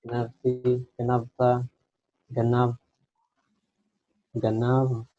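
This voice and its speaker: Slow, hesitant male student on a call. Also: mid-range voice, monotone, mellow, no room sound. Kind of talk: reciting answers in class. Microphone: video call. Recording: dry, muffled video call audio.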